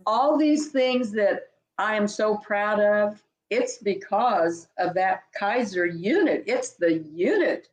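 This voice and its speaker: An older woman talks back over a long career, heartfelt and meandering, often stopping to restart a sentence. Her voice sits at a middle pitch. The room around her rings with echo. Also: expressive, slow pace. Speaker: senior sales director. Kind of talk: reminiscing conversation. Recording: echoey room.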